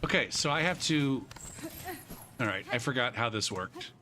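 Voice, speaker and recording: A man streaming a live playthrough, excitable and swearing a lot as he talks to himself over clear game music. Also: medium pitch, moderate pace. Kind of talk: live gameplay commentary.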